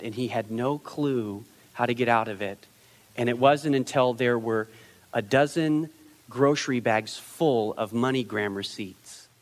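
In a big-room sound, a male pastor with a mid-range voice delivers a conversational, animated sermon. He acts out quotes in shifting voices, restarting often and repeating words.

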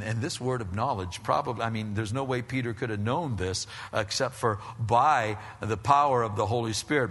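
Male pastor, conversational sermon delivery, bright forceful tone, long hall reverb. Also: mid-range voice, slightly rough. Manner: animated and conversational, with frequent restarts.

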